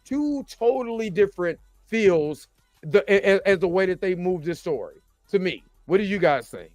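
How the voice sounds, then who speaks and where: Man, host, high pitch, rambling casual talk, dry close sound. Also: animated, normal speed, no room sound. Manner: rambling, repeats "you know what I'm saying". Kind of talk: casual chat.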